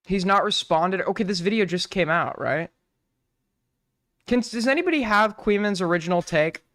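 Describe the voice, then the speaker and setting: A male streamer with a high, crisp voice rambles through crude, irreverent commentary. The sound is dry and close. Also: lively intonation, moderate pace, a bit bright, no room sound. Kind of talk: casual live-stream commentary.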